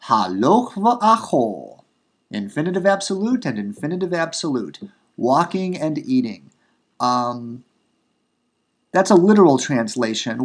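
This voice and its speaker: Slow, deliberate man teaching. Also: medium pitch. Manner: unhurried, repeats and rephrases for emphasis, many fillers. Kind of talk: recorded grammar lecture.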